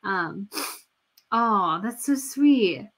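A woman's voice: medium pitch, expressive, very slow, fairly bright tone. A woman hosting a casual livestream, gushing and chatty, with many fillers and restarts. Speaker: royal news livestream host.

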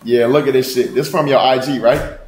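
Livestream host, man, mid-range voice, loud, profane and rambling, roomy echo on the mic. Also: mid-range voice, steady tone, brisk. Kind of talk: casual livestream chat.

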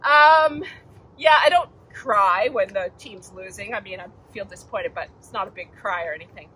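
An older woman giving a children's message at church, chatting gently and asking the children questions. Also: medium pitch, normal speed, a little hiss or hum, low-quality recording. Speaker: church children's time speaker.

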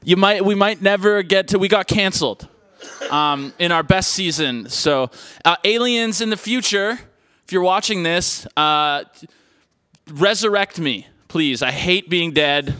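A man's voice: a little high, measured pace, bright, forceful tone, smooth, no echo. A man hosting a live spoken-word show on a stage mic. He talks in a jokey, rambling, playful way. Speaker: host.

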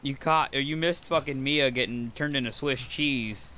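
A young man streaming a horror game, cursing constantly and swinging between loud outbursts and muttered asides. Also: medium pitch, moderate pace. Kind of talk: casual gameplay commentary.

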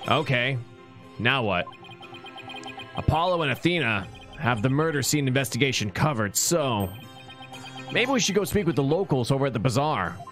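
A man reads game dialogue aloud on a livestream, casual and jokey. His pitch jumps around animatedly over faint game music. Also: big pitch swings, moderate pace, pauses often, fairly bright tone. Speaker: streamer. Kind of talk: reading game dialogue aloud in a live playthrough.

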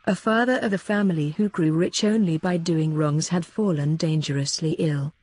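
Woman narrator, formal audiobook read, husky, dark tone. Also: sits low, normal speed, no room sound. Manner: steady, formal reading. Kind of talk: scripted narration.

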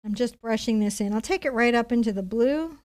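A middle-aged woman leads a live-streamed painting lesson. She tells stories in a chatty, animated way and laughs often. Her voice sits fairly high. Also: fairly quick. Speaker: painting instructor.

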